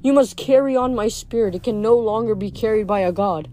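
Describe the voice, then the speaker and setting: A woman voicing an ancient, fading male nature god, speaking softly and sorrowfully. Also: fairly high pitch, slight background noise, lightly acted. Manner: soft, slow, sorrowful delivery.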